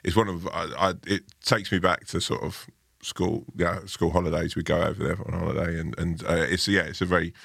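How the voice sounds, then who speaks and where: A man with a very low, gravelly voice tells a long, rambling story. He keeps restarting and filling his sentences with "like" and "you know". The sound is dry and close. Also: flat delivery, a little fast, hardly any pauses, a bit bright, no room sound. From family from Ireland. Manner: rambling anecdotes, many restarts and fillers. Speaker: guest. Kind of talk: casual chat, storytelling.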